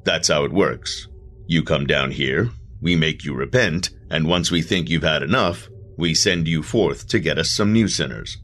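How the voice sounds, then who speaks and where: A man playing a calm, persuasive male agent of the underworld in a black suit, quietly gloating in a horror audio drama. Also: extremely low pitch, moderate pace, soft background music.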